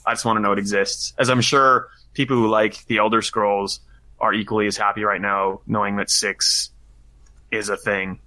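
A man on a casual podcast chat, excitable and talking with lots of "like". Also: fairly low pitch, moderate pace, rough recording. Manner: excitable, peppered with "like". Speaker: podcast guest.

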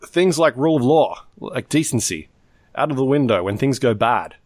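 A man's voice: mid-range voice, expressive, normal speed, no echo, clean studio sound, close to an everyday voice. An Australian man voicing a hardened, cynical settler in an amateur table-read, with a plain, stumbling delivery. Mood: gruff.

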